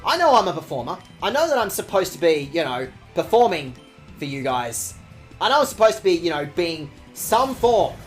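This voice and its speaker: A man streaming a video game, chatting casually with his viewers in a sarcastic, animated way and swearing often. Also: on the high side, moderate pace, faint music behind.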